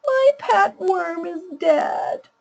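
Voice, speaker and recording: A woman doing a small upset child in a high, squeaky voice that swoops up and down as it whines about its troubles. The child sounds sulky and aggrieved. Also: lively intonation, very slow, gravelly, darkish tone, lo-fi sound, exaggerated voice. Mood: complaining. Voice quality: high-pitched. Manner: complaining, sulky. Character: upset young child telling a parent problems.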